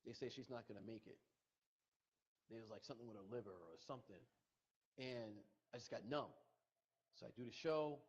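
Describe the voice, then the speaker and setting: Husky man telling a painful story. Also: mid-range voice. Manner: emotional, repetitive retelling with quoted dialogue. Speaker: podcast guest. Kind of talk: personal storytelling. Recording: muffled podcast audio.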